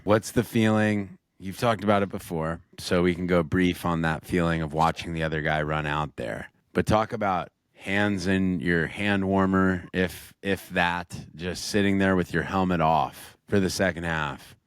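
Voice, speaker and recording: A man's voice: low-pitched, fairly even intonation, measured pace, hardly any pauses, smooth, no echo, studio quality. A man co-hosting a casual sports podcast, walking through game scenarios step by step and putting questions to his co-host.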